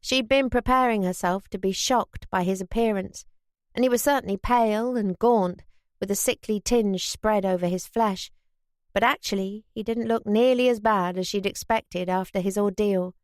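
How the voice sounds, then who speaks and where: In clean studio sound free of room noise, a woman narrates a wartime novel with a mid-range voice. As an audiobook narrator delivering scripted narration, she tells the story in a measured, even way.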